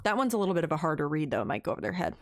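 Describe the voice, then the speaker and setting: A woman's voice: low-pitched, very fast. A young woman co-hosting a book club podcast, gushing emotionally and telling stories in casual chat. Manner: gushing, emotional, animated storytelling. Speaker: podcast co-host.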